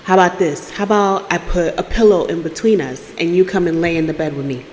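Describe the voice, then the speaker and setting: A woman hosting a storytelling podcast who acts out the dialogue in her story and swings between loud bursts and hushed asides. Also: lowish voice, fairly quick, long reverb tail, slight background noise. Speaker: podcast host.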